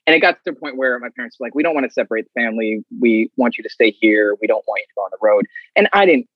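Husky-voiced man telling stories. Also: mid-range voice, rapid-fire, dry recording. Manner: animated, acts out others' lines. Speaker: guest. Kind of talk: casual storytelling. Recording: dull, slightly muffled audio.

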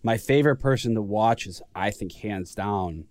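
Young man chatting in a halting way. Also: lowish voice, darkish tone, dry recording, studio quality. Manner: hesitant, filler-heavy. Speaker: podcast co-host. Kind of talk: casual chat.

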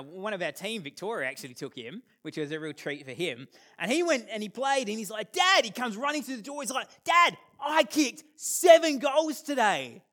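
An Australian man in his thirties speaks to an audience, his voice sitting high for a man. He tells stories with animated, self-deprecating humour and acts out the lines of the people in them. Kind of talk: storytelling talk to an audience.

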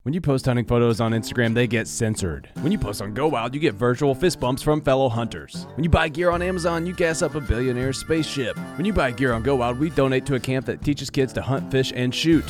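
A man reads an advertisement in a punchy, persuasive pitch. Music plays clearly underneath the read. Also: fast, few pauses.

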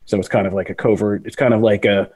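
A man's voice: on the low side, steady tone, fast, darkish tone. A man hosting a casual entertainment podcast, telling stories with playful, exaggerated quoted voices. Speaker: podcast host. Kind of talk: casual chat.

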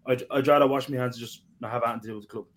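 A man's voice: medium pitch, steady tone, very fast, a crowd in the background. A man arguing passionately on a football podcast, emphatic and swearing. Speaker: podcast co-host. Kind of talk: heated football podcast debate.

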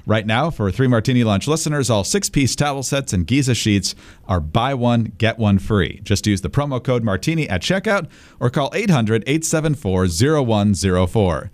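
Wry male podcast co-host. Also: mid-range voice. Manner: wry, steady, reads ads smoothly. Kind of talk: political podcast commentary and ad read.

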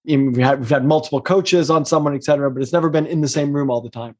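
A middle-aged man, an executive coach, talking casually in an interview, emphatic and expressive, speeding up in bursts and slowing down to make a point. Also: a little high.

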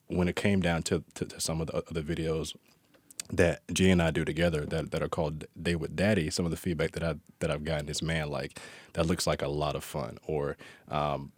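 A man answering as an interview guest, a father speaking in a halting, reflective way. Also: extremely low pitch, no echo. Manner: halting, many restarts, reflective.

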